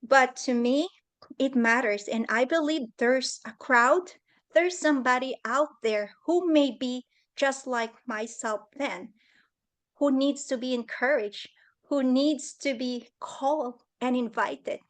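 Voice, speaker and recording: A middle-aged woman with a high voice speaks slowly and earnestly, sharing her story of leadership. She sounds heartfelt, leaning into the moments that matter to her. She comes through a computer on a video call. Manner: earnest, emotional, acts out quoted voices. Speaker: guest speaker. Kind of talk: personal leadership talk.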